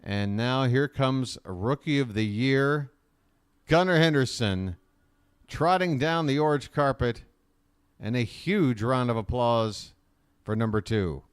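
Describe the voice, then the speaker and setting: A man's voice: mid-range voice, slow pace, smooth. A man hosting a fan livestream, giving casual live play-by-play commentary in a chatty, rambling way, talking to his viewers as he watches. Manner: chatty and rambling, many fillers.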